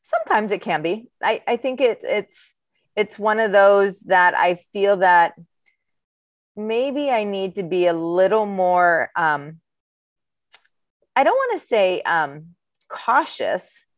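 A woman's voice: mid-range voice, animated, slow pace, dry recording. Candid woman rambling on a podcast, dry sound. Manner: candid, rambling, self-deprecating. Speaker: podcast co-host. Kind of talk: casual chat.

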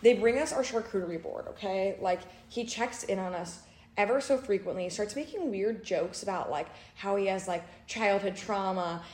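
A young woman chats on a podcast, spinning a long story and jumping into the voices of the people in it. Her pitch sits in the middle for a woman, and the room around her rings with a noticeable echo. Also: moderate pace. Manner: lively storytelling, acting out quotes. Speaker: podcast co-host. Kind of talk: casual chat. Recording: roomy echo.

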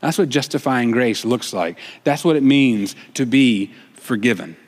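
A man preaching a sermon, retelling a story and voicing the dialogue in a shifting, expressive way. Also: mid-range voice, measured pace. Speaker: pastor. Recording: long reverb of a church hall.

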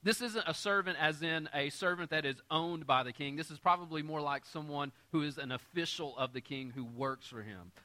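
A pastor with a voice on the high side and a sharp tone delivers a sermon at a moderate pace, hardly pausing. He explains scripture in everyday terms with light humor, checking in with his listeners often in a conversational way.

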